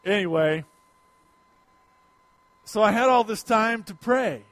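A middle-aged male pastor delivers his sermon with a noticeably high voice. He tells a folksy personal story, rising to loud emphasis and dropping to quiet asides. The sound is close and dry. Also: lively intonation, takes it slowly, dry recording.

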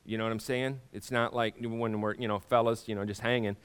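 A man's voice: fairly low pitch, flat delivery, fairly bright tone, smooth. Middle-aged man, pastor, casual sermon voice, stop-start phrasing, keeps questioning the room. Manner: conversational, halting restarts, rhetorical questions to the congregation.

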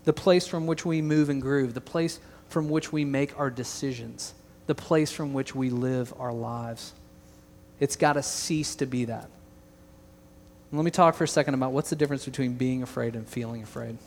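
A man's voice: medium pitch, steady tone, moderate pace, darkish tone, slight background noise. A young man preaching a sermon as pastor, earnest and emphatic, with joking asides to the congregation. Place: large church hall. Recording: long hall reverb.

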